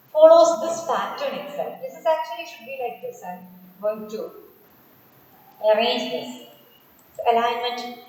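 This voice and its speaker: A woman teaching a poetry class online, her slightly high voice unhurried and deliberate as she restates each point. The sound carries a heavy echo with a long reverb tail, as if from a bare, hard-walled room. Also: darkish tone. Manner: slow, deliberate, repeats and restates words. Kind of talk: online lecture.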